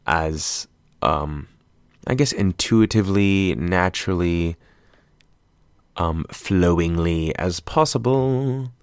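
A young man with a very deep voice talks through films in a loose, profane, meandering way. He curses freely and jumps from thought to thought. The sound is close and dry, with no room around him. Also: slow pace, smooth, no echo. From half Filipino, US-based. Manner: profane, animated, rambling. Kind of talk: casual film commentary.

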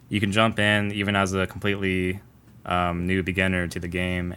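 A man with a deep, smooth, resonant voice co-hosts a casual gaming podcast. He speaks with a flat, steady melody, measured and thoughtful, pausing often on ums. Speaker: podcast co-host.

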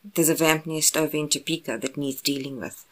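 A woman voicing a blunt grown man who talks in clipped lines, at times hushed. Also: low voice, brisk. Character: gruff, blunt grown man, lover and hunter.

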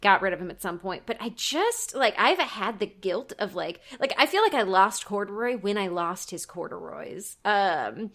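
Woman, podcast co-host, casual storytelling, laughs often, middle pitch. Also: expressive, normal speed, few pauses, fairly bright tone. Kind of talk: casual chat.

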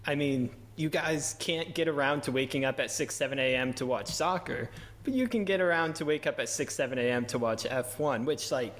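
A man's voice: medium pitch, fairly quick, fairly bright tone. Male podcast host, loose and rambling, stammers, joking casual delivery. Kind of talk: casual chat.

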